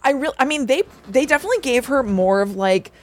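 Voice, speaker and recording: A woman's voice: sits high, quick pace, dry recording. A young adult woman co-hosting a podcast, eagerly recapping a story in casual chat and acting out bits of dialogue. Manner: animated plot recap with acted-out quotes. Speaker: podcast co-host.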